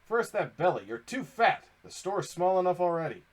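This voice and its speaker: A man voicing a gruff, stern middle-aged father who runs a fish shop, talking in a blunt, scolding way. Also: high-pitched, big pitch swings, normal speed.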